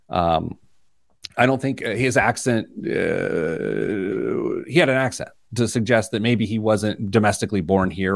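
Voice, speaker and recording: A man hosting a radio money show, telling stories in a lively, self-deprecating way. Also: on the low side, vocal fry, no room sound, studio quality. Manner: animated, self-deprecating storyteller. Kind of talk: casual chat, storytelling.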